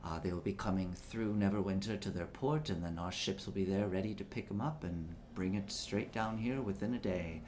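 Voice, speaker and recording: A man's voice: low-pitched, fairly quick, few pauses, darkish tone, a little hiss or hum, lightly acted. A man voicing a jittery male merchant who reports a trade deal in a formal, hesitant, deferential way.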